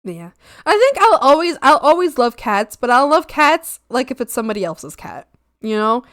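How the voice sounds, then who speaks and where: A young woman streamer chats on her art stream in a high, lively voice that swoops up into gushing baby talk and giggles. She sits close to a desk mic, and the sound is dry and close. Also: normal speed, no echo. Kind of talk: casual stream chat. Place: home streaming setup.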